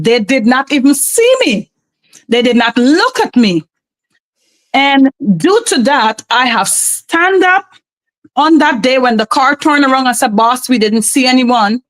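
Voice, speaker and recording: A woman tells her own story as a podcast guest, in an earnest, emphatic way that keeps turning to God. Her voice sits a little high for a woman. The sound is dry and close, with no room around it. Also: a bit bright, no room sound, low-quality recording. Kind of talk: personal testimony.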